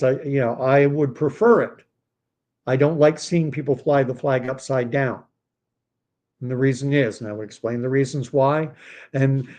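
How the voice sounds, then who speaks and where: Hosting a laid-back livestream, this Canadian man in his 50s speaks with a mid-range voice and a somewhat dark tone. His talk wanders off on tangents, with plenty of filler words and restarted sentences.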